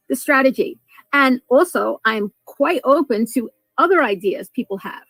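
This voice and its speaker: Woman streamer, slightly high voice, dry, faint music under, rambling. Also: animated, a bit bright, dry recording, low-quality recording. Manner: rambling, halting, restarts often. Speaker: livestreamer in played clip. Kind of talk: livestream talk to viewers.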